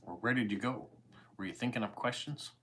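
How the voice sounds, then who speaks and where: A man in his forties with a Canadian accent, chatting calmly and easily with viewers during a live stream. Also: mid-range voice, slight background noise. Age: 40s. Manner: calm, easygoing, unhurried. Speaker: YouTube host. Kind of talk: casual livestream chat answering viewer comments.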